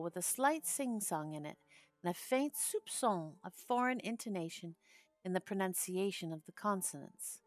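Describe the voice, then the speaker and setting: A woman narrating a classic novel as an audiobook in a measured storytelling manner. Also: fairly low pitch, a bit bright, faint music behind.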